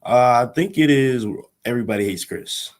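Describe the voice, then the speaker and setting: A teenage young man, a high school athlete giving short, polite answers in an interview. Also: normal speed. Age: teens. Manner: polite, brief, soft-spoken answers. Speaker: guest, high school running back.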